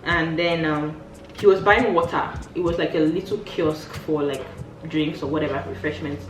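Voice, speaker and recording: A woman chatting casually in a vlog, telling stories in an animated way and acting out what people said. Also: moderate pace, far from the mic. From Nigeria. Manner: animated, acts out quoted dialogue with big pitch jumps. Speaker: vlogger. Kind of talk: casual storytelling chat. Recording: roomy sound from off the mic, faint music.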